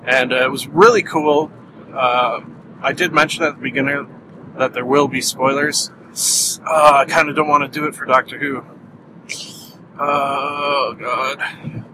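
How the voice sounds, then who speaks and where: A man's voice: medium pitch, fairly even intonation, moderate pace, background noise. A Canadian man hosting a podcast, rambling through a solo review chat and laughing at his own jokes. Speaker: podcast host.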